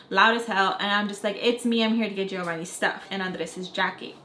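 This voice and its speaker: A young woman vlogger telling a casual story in an animated, profane, rambling way. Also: mid-range voice, fairly quick, hardly any pauses. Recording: echoey room, faint noise.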